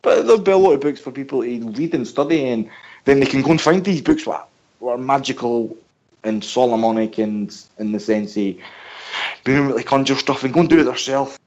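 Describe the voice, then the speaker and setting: A man from the United Kingdom, a guest on a radio interview, talks in an animated, rambling way and explains things by asking questions. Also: medium pitch, brisk, lo-fi sound. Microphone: headphones and mic at home.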